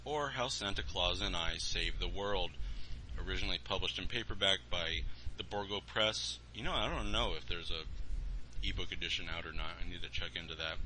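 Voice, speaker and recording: A man in the host's chair reads his own novella aloud. His voice is mid-pitched and strikingly bright. A faint noise sits underneath, and the asides between passages come out relaxed and offhand. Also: a little fast, rough recording. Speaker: author reading his own novella as radio host. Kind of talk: storybook reading on internet radio.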